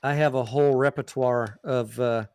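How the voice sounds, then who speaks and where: A man's voice: medium pitch, steady tone, moderate pace, darkish tone, clean tone. A man hosting a casual live stream, reading chat aloud in a laid-back, joking way.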